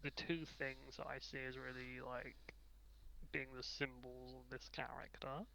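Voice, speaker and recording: A man's voice: medium pitch, flat delivery, a little slow, creaky, pushed and bright, slight background noise, poor audio. A man playing in a tabletop game, describing his character hesitantly with many fillers. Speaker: player. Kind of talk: casual tabletop session planning.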